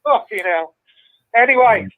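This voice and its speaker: Bloke phoning into a footy show, swears every other word, high voice, tinny phone line. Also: male voice, expressive, measured pace, dry recording. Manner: swears constantly, laughs easily, rambling. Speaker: caller. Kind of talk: casual phone-in chat.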